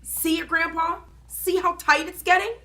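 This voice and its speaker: A woman voicing a loud, excitable first-grade girl who shrieks and carries on dramatically. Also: very high-pitched, moderate pace, voice pushed up. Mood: insistent.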